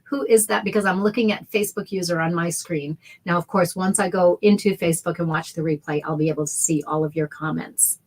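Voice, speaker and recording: A woman's voice: lowish voice, fairly even intonation, brisk, a little mellow. A middle-aged woman hosting a casual sewing livestream, chatty and heartfelt, greeting viewers by name. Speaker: sewing show host. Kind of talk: casual livestream tutorial chat.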